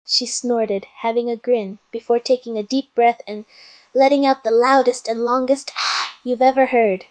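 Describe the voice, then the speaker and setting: A woman reads a fan story aloud in a plain, straightforward way. Her voice sits a little high, recorded dry and up close. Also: flat delivery, normal speed, no echo. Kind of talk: storytelling narration.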